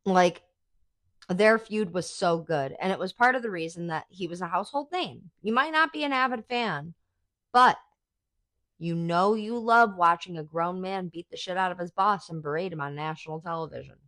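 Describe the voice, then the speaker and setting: Low-voiced woman, profane chatty host. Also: normal speed, a bit bright, no room sound, clean studio sound. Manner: chatty, profane, enthusiastic fan talk with many "like"s. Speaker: podcast host. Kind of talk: casual chat.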